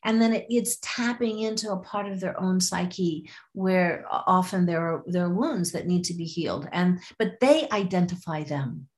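A woman guest on a podcast interview, telling a fable in a lively way and acting out voices. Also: fairly low pitch, moderate pace, hardly any pauses. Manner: lively, acts out voices, frequent restarts. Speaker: storyteller guest.

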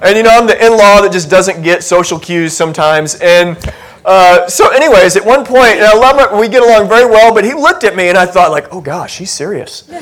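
A man's voice: sits high, fairly quick, a bit bright. A male pastor giving a conversational sermon, chatty and self-deprecating, asking the congregation questions. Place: church sanctuary.

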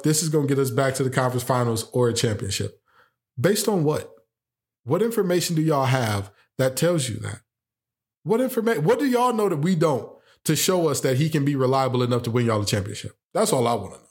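Sarcastic jokes and animated rhetorical questions fill this sports talk host's opinionated commentary. His voice sits on the high side.

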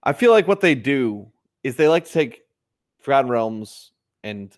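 A man's voice: mid-range voice, unhurried. Laid-back rambling podcast co-host, man. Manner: relaxed, rambling, restarts often. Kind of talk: casual chat.

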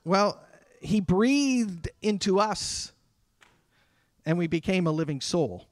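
A man delivering a sermon as a pastor, talking conversationally with dramatic pauses. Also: sits high, lively intonation, no echo, studio quality. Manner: conversational preaching with dramatic pauses and acted quotes.

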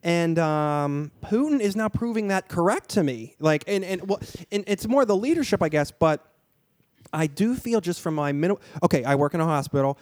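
A man's voice: on the high side, expressive, normal speed, no echo. A man in casual conversation, talking in a rambling way, often restarting and searching for words.

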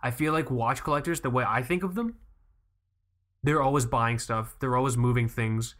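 A man's voice: mid-range voice, normal speed, a bit bright. Brief: young guy, podcast co-host, loose and rambling, drops swear words, stacks up filler words. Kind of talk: casual chat.

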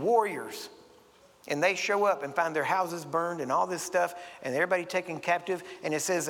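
Male preacher, slightly high, gravelly voice, folksy storyteller, church reverb. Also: fairly bright tone. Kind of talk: sermon. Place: church sanctuary. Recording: long hall reverb.

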